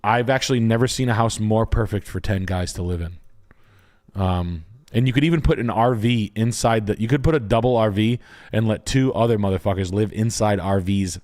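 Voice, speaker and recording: A man's voice: on the low side, fairly quick, a little mellow. Young male realtor host: crude, rambling, joking live-stream banter. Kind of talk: casual live stream chat.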